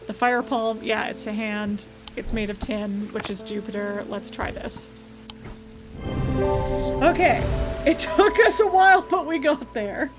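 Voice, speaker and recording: A young woman streamer talks through a puzzle game, musing aloud and reading text with small restarts. Her voice sits a bit high, with game music playing clearly underneath. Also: slow pace. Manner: chatty, thinks aloud, reads text aloud with self-corrections and laughs. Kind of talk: game let's play commentary. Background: background game music.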